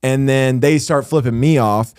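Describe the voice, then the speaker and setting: Animated storytelling man, dry sound. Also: mid-range voice, normal speed, clean tone, no echo. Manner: animated storytelling, swearing, acting out quotes. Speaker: podcast host. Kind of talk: casual comedy podcast chat.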